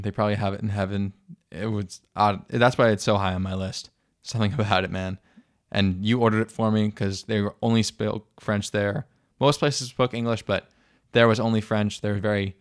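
A young American man co-hosts a podcast, telling stories in an enthusiastic, casual chat. His voice is lowish, recorded dry with clean studio sound.

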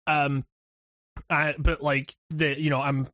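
Man, podcast co-host, slightly higher voice, dry close sound, rambling casual gaming talk with swearing. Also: little pitch movement, slow pace, sharp tone, no room sound. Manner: rambling, hesitant, swears freely.

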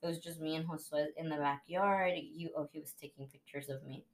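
Young woman, podcast host, casual chat, emotional storytelling, slightly low voice. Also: steady tone, fairly quick, a little hiss or hum.

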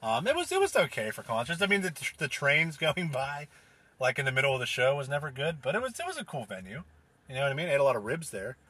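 Male music-show host, bright and a bit husky, loose rambling chat with cursing. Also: medium pitch, very animated, quick pace. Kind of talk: casual chat between songs.

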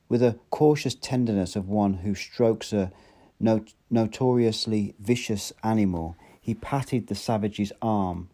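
Man reading aloud in a very dark voice. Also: lowish voice, fairly even intonation. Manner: measured reading, with occasional stumbles and self-corrections. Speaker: audiobook narrator.

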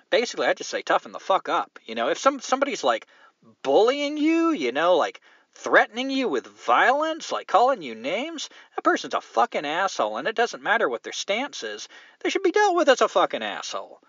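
A man's voice: high voice, huge pitch swings, a little fast, fairly bright tone, no echo. A man hosting a podcast alone, talking in a blunt, profane, opinionated way in casual conversation. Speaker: podcast host. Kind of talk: casual solo podcast rant. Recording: dull lo-fi dry sound.

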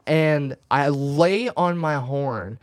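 A man co-hosting a podcast, telling animated anecdotes with laughing asides in casual chat. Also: on the high side, extremely slow, dry recording, clean studio sound. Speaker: podcast co-host.

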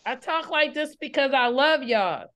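A woman leads an online service with a fiery sermon. Her high, expressive voice is a bit bright and a little slow. She repeats her phrases for emphasis, pushing the call-and-response intensity higher.

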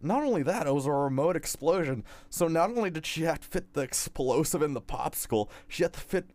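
A man from New Jersey co-hosting a casual podcast, quick with sarcastic asides and groaning reactions. His pitch swings widely as he gets worked up, which makes his chat sound animated. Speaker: podcast co-host.

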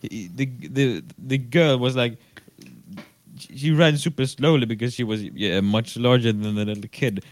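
A man co-hosting a podcast, telling a rambling story full of fillers and acted-out shouts. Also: mid-range voice, moderate pace. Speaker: podcast co-host. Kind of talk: casual chat.

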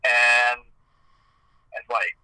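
A man's voice: medium pitch, extremely slow, clean tone, dry recording, poor audio. A man from Eastern Ontario, a hockey game commentator, telling stories in a casual chat, full of "like" and restarts. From Eastern Ontario, Canada. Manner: animated storytelling, many "like"s and restarts.

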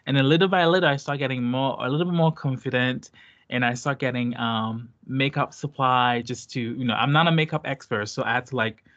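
A man's voice: mid-range voice, brisk, a bit bright, highs cut off. A man from Haiti with a light Haitian Creole accent, a guest talking casually and hesitantly with many fillers and restarts. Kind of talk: casual interview chat.

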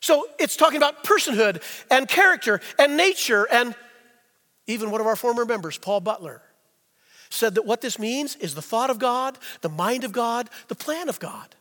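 Bright high-voiced pastor preaching. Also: male voice, animated, moderate pace, big-room sound. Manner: folksy teaching, rhetorical questions. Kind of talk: sermon.

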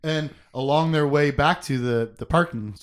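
A fairly high-voiced man co-hosting a casual book podcast. He recaps the story in an animated, joking way, jumping between loud bursts and quiet asides. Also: normal speed. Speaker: podcast co-host. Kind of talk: casual book discussion chat.

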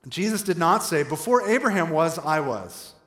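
A male pastor preaching an animated sermon, shifting between loud emphatic bursts and slow, quiet phrases. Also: fairly high pitch, faint music behind. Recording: echoey hall reverb.

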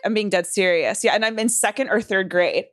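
She's a brisk-talking woman in her twenties from Southern California, casually telling a cursing, wandering story with plenty of fillers and restarts. When quoting others she pitches her voice up; the studio-quality audio has no echo.

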